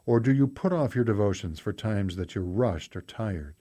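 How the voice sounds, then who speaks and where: A man reading a children's devotional aloud as a scripted narration, telling a story and then asking gentle questions. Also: lowish voice, lively intonation, moderate pace. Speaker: devotional host and reader.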